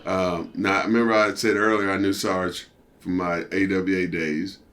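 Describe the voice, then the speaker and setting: A man's voice: sits low, moderate pace. Older man telling a wrestling story. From United States. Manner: animated, acts out quoted voices. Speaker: interview guest, former wrestler. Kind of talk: casual storytelling.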